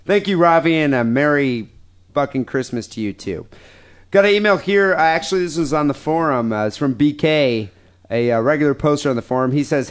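A man's voice: fairly high pitch, expressive, fairly quick. A man hosting a podcast, reading listener emails aloud with crude, profane, joking banter. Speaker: podcast host.

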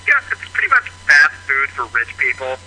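A man's voice: medium pitch, very animated, a little fast, background noise. A man from Missouri leaving a rambling voicemail story on a phone line, full of fillers. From Missouri, USA. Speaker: caller.

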